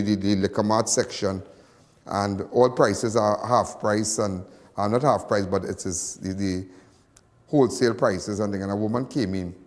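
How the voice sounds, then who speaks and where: A man's voice: lowish voice, a little mellow, in a large hall. A man with a Trinidadian accent hosting a live call-in crime talk show, rambling and folksy and repeating himself as he talks. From Trinidad and Tobago.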